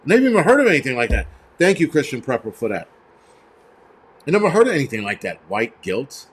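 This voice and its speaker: A man's voice: medium pitch, sing-song, a little fast, slightly rough. A man hosting a live stream, ranting bluntly and profanely with many fillers while answering viewers in the chat. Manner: reads out viewer donations and chat. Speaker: livestream host.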